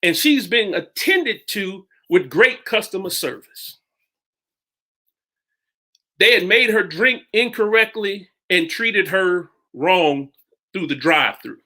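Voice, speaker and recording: A man preaching a sermon, retelling a story in a halting way with many restarts and sudden jumps in pitch. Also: lively intonation, sharp tone.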